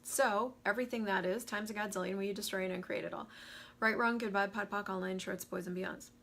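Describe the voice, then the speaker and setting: A woman hosting a casual live-stream talk, animated and chatty, greeting viewers by name as she goes. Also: mid-range voice, fairly quick, slight background noise. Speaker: host of a live money talk.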